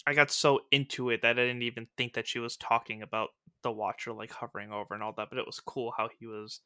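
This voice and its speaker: Bright-voiced man chatting animatedly. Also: mid-range voice, fast talker, clear, resonant tone, dry recording, studio quality. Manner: animated, laughs often, quotes scenes in playful voices. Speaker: podcast co-host. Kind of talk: casual fan discussion.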